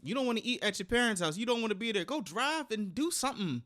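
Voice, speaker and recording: A woman's voice: fairly high pitch, animated, quick pace, fairly bright tone. A woman hosting a reaction video, talking back at the story in an exclamatory, slangy and profane way. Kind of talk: casual reaction commentary.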